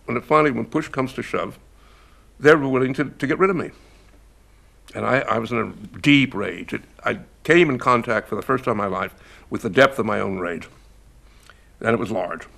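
Gravelly older American man reflecting. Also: mid-range voice, a bit bright. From United States. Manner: gravelly, measured, stopping to restart. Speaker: novelist being interviewed. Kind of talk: reflective documentary interview.

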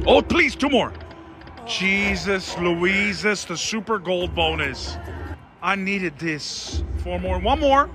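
A man's voice: sits high, animated, takes it slowly, pauses often, music in the background. A man giving casual live commentary while gambling at a casino slot machine, talking to his viewers in a dramatic, theatrical way.

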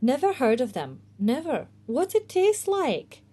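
A woman voicing a homely, motherly ghost woman from the countryside with a warm country voice, sounding dubious in a storybook reading. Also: sits high, big pitch swings, measured pace, voice pushed up.

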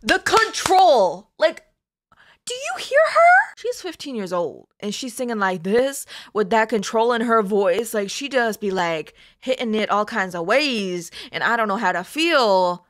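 A woman hosting a reaction video, talking casually in excitable, exclamatory bursts and gushing asides. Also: medium pitch, moderate pace, few pauses, no room sound, studio quality.

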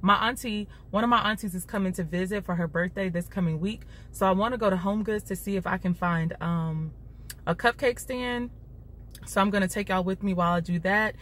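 A woman's voice: mid-range voice, fairly quick, fairly bright tone, a little hiss or hum. A young woman with a Chicago accent, chatting to the camera in a casual vlog while sitting in her car and holding her phone. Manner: chatty, talks straight to camera, says y'all often. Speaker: vlogger. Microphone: phone held at arm's length.

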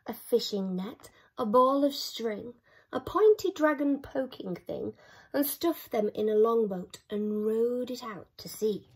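A woman reading a rhyming children's picture book aloud, with rhythmic, expressive delivery. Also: a little high, slow pace, husky. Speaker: storyteller.

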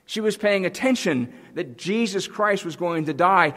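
A man's voice: sits high, animated, normal speed, few pauses, fairly bright tone, in a large hall. A man preaching a sermon as pastor, earnest and emphatic, building intensity as he goes. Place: church sanctuary.

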